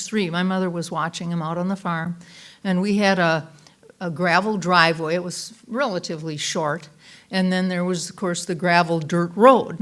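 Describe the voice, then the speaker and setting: A woman reverend giving a Sunday talk sermon, telling folksy personal anecdotes in a chatty way with frequent fillers and restarts. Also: mid-range voice.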